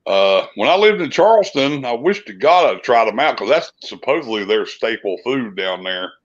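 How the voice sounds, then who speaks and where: A man's voice: medium pitch, big pitch swings, moderate pace, highs cut off. A man telling rambling, profane stories in a casual chat. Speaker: podcast co-host, musician.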